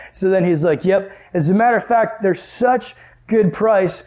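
A young man with a high, bright voice preaches to a youth group. He is casual and jokey, and he acts out both sides of a conversation with big swings in pitch. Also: brisk. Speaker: youth pastor. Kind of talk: sermon with storytelling.

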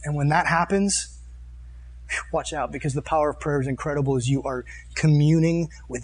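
A man's voice: a little high, moderate pace, breathy edge. A man preaching an earnest, conversational sermon to a live audience, reading scripture verses and explaining them in plain talk. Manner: reads and comments on scripture verses. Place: meeting room with a live audience.

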